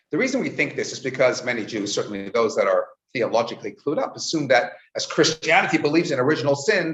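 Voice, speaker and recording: Rabbi with an echoey, dull-sounding recording. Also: male voice, medium pitch. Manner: storytelling with lively voiced quotes. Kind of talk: Torah teaching talk.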